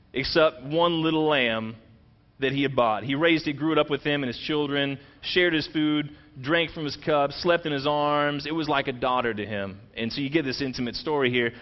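A man preaching a sermon, retelling a scripture story in animated, conversational language and acting out the quoted lines. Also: a little high, lo-fi sound. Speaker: pastor.

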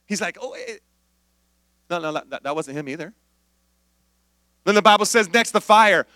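A male pastor preaching an animated sermon, acting out voices and dropping to near-whispers. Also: high voice, moderate pace, dry recording, clean studio sound.

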